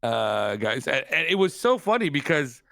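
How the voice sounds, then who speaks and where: A man's voice: mid-range voice, sing-song, moderate pace, a bit bright, dry recording, clean studio sound. A man talking as a podcast guest in casual chat, swearing freely and laughing often.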